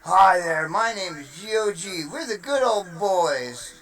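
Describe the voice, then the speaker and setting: A streamer voicing software as a folksy, drawling good old boy, a bit off-mic. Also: mid-range voice, animated, measured pace, far from the mic, poor audio.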